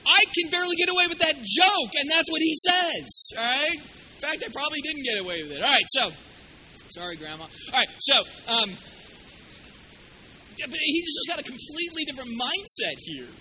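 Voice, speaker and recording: A man preaching a sermon, retelling a Bible story in a lively, joking way and acting out the quotes with sudden loud bursts. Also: very high voice, normal speed, slight background noise, low-quality recording. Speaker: pastor.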